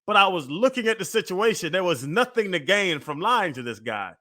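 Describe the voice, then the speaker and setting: A man's voice: high-pitched, sing-song, brisk, sharp tone. A man co-hosting a sports radio show, telling a story in a laid-back way with casual slang, on a studio microphone. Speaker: radio show co-host, former football player.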